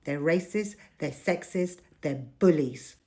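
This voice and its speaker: A woman's voice: deep voice, slow pace, mellow. Brief: middle-aged woman, fired-up vlog rant, punchy delivery. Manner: indignant, emphatic. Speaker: vlogger. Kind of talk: ranting personal storytelling.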